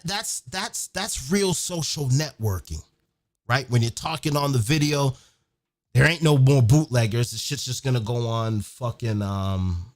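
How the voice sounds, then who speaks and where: A man hosting an event, delivering an excited, profane monologue and half-singing some lines. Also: mid-range voice. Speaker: event host. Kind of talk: excited monologue over a beat. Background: music.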